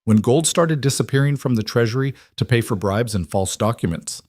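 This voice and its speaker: A man voicing a ruthless king with ice powers who speaks quietly and commandingly. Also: medium pitch, expressive, brisk, no room sound, studio quality, lightly acted. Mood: menacing.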